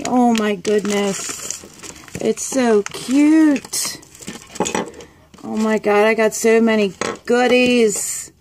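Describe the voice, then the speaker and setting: A woman vlogger chatting excitedly and gushing as she opens friend mail. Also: medium pitch, creaky, slight background noise. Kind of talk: casual unboxing chat.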